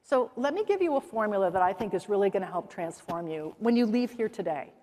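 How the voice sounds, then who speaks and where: On a conference hall stage, a middle-aged woman from the American Midwest gives a keynote, speaking fairly quickly at a medium pitch. She tells lively, energetic stories and acts out the voices of the people in them, with the large hall adding a long reverb.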